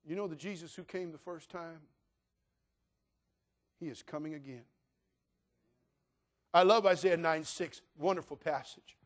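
An older man preaching a sermon in a church in an animated, joking, conversational way. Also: fairly high pitch, unhurried, long pauses. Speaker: pastor.

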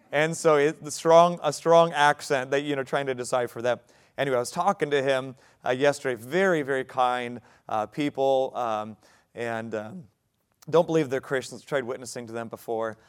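A man's voice: mid-range voice, clean tone. A young adult male pastor preaching a sermon, talking conversationally and building to emphatic points.

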